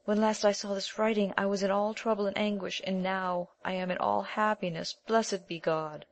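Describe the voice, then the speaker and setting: A woman's voice: medium pitch, steady tone, normal speed, creaky, close to an everyday voice. A woman voicing an emotional noble queen and mother in an audiobook. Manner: emotional, pleading. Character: grieving then joyful noble queen mother. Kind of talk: audiobook character voice.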